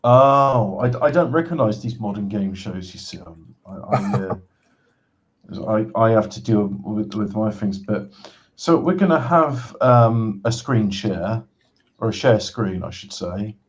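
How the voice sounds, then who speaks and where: A man hosts a casual livestream game show. He talks in halting bursts, full of restarts, and slips in deadpan sarcastic jokes. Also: on the low side, rough recording.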